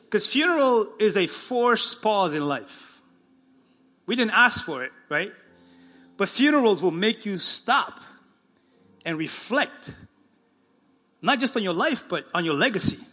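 A man preaching a sermon as pastor to his congregation, slowing down and dropping his voice low for the quoted lines. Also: animated, pushed and bright. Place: church in front of a congregation.

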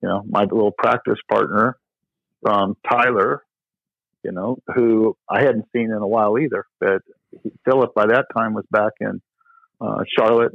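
A low, creaky-voiced middle-aged tennis pro rambles through stories as a guest in a casual podcast interview, often saying "you know" and starting over. The sound is dry with no echo and has a tinny, phone-like tone.

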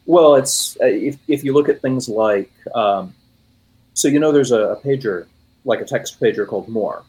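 On poor audio, a medium-pitched, darkish, slightly rough voice speaks at a moderate pace. It belongs to a US man in his late forties, a podcast guest casually discussing computing while rambling, using many fillers and correcting himself.

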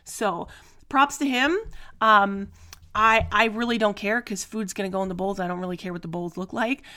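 A woman's voice: mid-range voice, moderate pace, bright, forceful tone. Chatty, laughing woman podcast host. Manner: chatty, laughing often, many fillers. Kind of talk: casual solo podcast storytelling.

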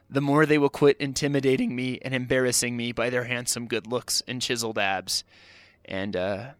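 A man's voice: mid-range voice, fairly bright tone, no room sound. A middle-aged man telling funny stories from his own life, rambling and poking fun at himself with lots of "like.". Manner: rambling and self-deprecating, heavy use of "like". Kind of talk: comedic personal storytelling.

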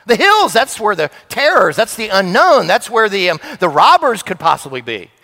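A middle-aged man preaching a sermon as pastor, telling a family story with lively acted voices. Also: sits high, normal speed. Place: church sanctuary. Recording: long church hall reverb.

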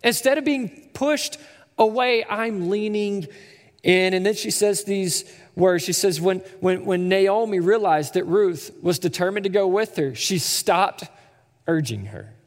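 A pastor in his thirties preaches a sermon in a conversational, storytelling way, stammering and repeating himself. His voice is high-pitched and unhurried, and the hall around him adds an echoey reverb.

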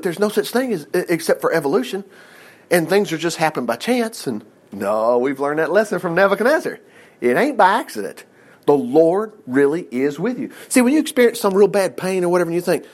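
A man in his fifties preaching a conversational, animated sermon and acting out the quotes he reads. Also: sits high, brisk. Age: 50s.

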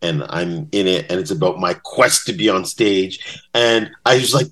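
A man's voice: on the low side, normal speed, fairly bright tone. A man telling stories as a podcast guest in a casual interview. He acts out quotes in different voices. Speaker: podcast guest, bass-playing fan.

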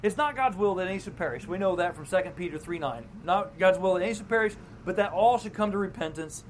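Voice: medium pitch, expressive, fast, a little hiss or hum, low-quality recording. A pastor giving an evening sermon in a casual, conversational way, acting out the voices of the people in the story. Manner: conversational, acts out quoted voices with laughs.

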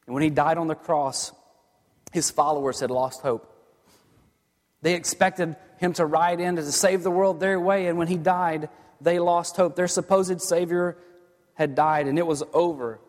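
A man preaching a sermon as a pastor, earnest, moving from hushed lines to emphatic ones. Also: fairly high pitch, steady tone, unhurried. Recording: long hall reverb.

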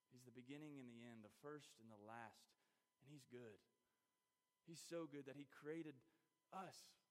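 A man preaching a sermon in a church, earnest and personal, building to emphatic peaks as he tells a story from his own life. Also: mid-range voice. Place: church sanctuary. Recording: long reverb in a large hall.

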